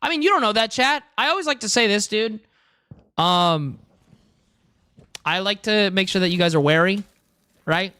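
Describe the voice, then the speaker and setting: A man's voice: sits high, animated, moderate pace, pauses often, bright, forceful tone, smooth, dry recording, clean studio sound. A young man streaming live who rambles casually, swears freely and keeps saying "dude" and "bro". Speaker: livestreamer.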